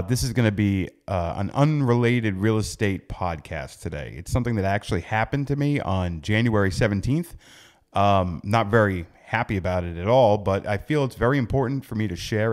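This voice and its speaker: Male podcast host, forties, very low voice, chatty storyteller with lots of ums and self-corrections. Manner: conversational, with frequent fillers and self-corrections.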